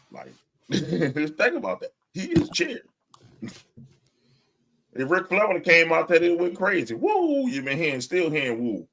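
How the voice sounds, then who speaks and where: A man's voice: a little high, sing-song, slow pace, long pauses, a bit bright. A man co-hosting a podcast in casual chat, ranting with lots of swearing and frequent laughter. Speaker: podcast co-host.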